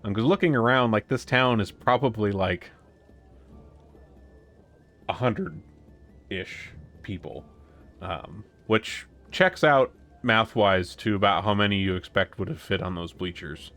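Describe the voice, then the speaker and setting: Low-voiced rambling game master. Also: male voice, unhurried, fairly bright tone, soft background music. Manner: rambling, many ums and restarts. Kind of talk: narrating a tabletop game.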